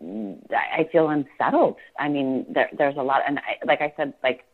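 A woman in her forties giving a podcast interview, halting and full of fillers and restarts as she talks about her family. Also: low voice. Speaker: podcast guest. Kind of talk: emotional personal interview. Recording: tinny phone-like line.

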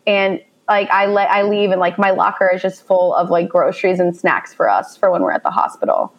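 A woman's voice: fairly low pitch, brisk, lo-fi sound. A woman in her thirties from Indiana, a mother of a child with special needs, telling a personal story in a heartfelt conversational way. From Indiana, USA. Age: 30s. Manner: heartfelt, animated when quoting herself.

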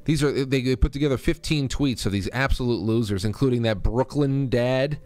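A man's voice: mid-range voice, fast, a little mellow, faint music behind. A male host giving angry, insulting, sarcastic political commentary, ranting about news clips.

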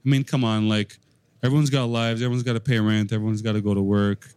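A man's voice: fairly low pitch, level tone, fast talker, a little mellow, clean tone, no room sound. Laid-back profane metal drummer, man. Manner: loose, profane, laughing. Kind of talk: casual backstage chat.

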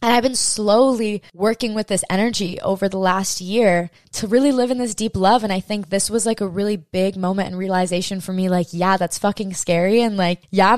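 A woman's voice: medium pitch, fairly even intonation, brisk, hardly any pauses, no echo, studio quality. A young woman hosting a podcast, telling a personal story while crying, emotional and swearing freely, acting out her own inner voices. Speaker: podcast host. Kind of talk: personal confessional monologue.

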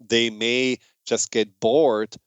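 A man with a German accent hosting a radio talk show, speaking in a relaxed, conversational way with fillers and restarts. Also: mid-range voice, slow pace, clear, resonant tone, no room sound, muffled recording.

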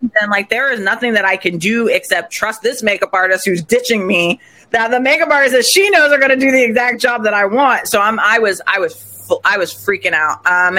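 Animated woman with a bright voice. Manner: animated, expressive storyteller with pitch swings. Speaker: podcast guest, recent bride. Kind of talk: casual interview conversation.

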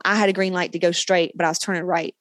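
A woman podcast host and coach giving a blunt, profane, animated motivational monologue. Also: fairly low pitch, fast, dry recording.

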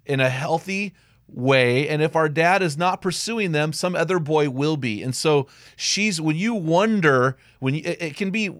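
A man's voice: on the high side, a little slow, fairly bright tone, no room sound, clean studio sound. A middle-aged man hosting a podcast interview, talking conversationally and often restarting his sentences. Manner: conversational, with frequent restarts and self-corrections. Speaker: podcast host.

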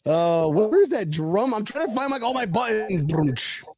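A man's voice: high-pitched, sing-song, unhurried, a loud crowd. A man hosting a podcast in casual chat, rambling and joking and swearing freely. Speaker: podcast host.

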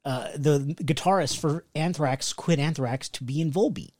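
A man co-hosting a casual podcast chat with a dry, deadpan sense of humor, talking into a boom mic. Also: normal speed, no room sound. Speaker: podcast co-host.

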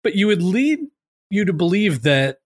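A man with a slightly higher voice rambles through a casual movie podcast, full of "like" and "um." The sound is dry and close, with no room echo. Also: very animated, moderate pace, husky. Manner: rambling, filler-heavy, lots of "like". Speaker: podcast host.

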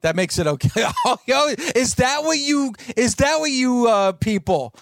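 A man's voice: extremely high pitch, expressive, unhurried, no echo, clean studio sound. A male radio show host ribbing his co-host in bantering talk, exasperated and mocking.

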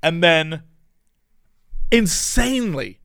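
A man with a high, lively voice tells a story in a casual chat. He laughs often and acts out each person in it. The sound is dry and close. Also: takes it slowly, gravelly, no echo. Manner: animated, laughing, acting out the people in his story.

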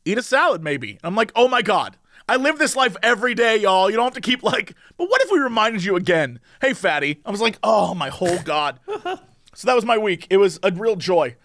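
A young man co-hosting a casual podcast, telling comic stories and doing quick impressions of the people he quotes. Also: sits high, lively intonation, a bit bright, no echo, studio quality. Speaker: podcast co-host.

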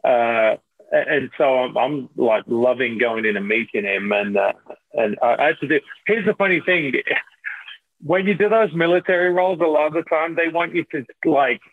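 A man's voice: mid-range voice, normal speed. A middle-aged man, telling stories as an actor guest in a casual interview. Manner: animated, repeats and restarts while telling anecdotes. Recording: tinny phone-like line.

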